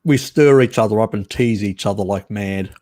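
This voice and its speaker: A man's voice: lowish voice, moderate pace, mellow. A man hosting a casual live stream, chatting with viewers in a teasing, cheeky way and laughing often.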